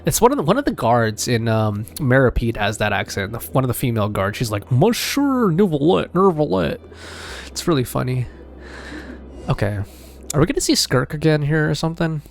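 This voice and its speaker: A man's voice: mid-range voice, sing-song, brisk. A man giving casual, chatty commentary over a video game, musing aloud as he plays. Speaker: gameplay streamer.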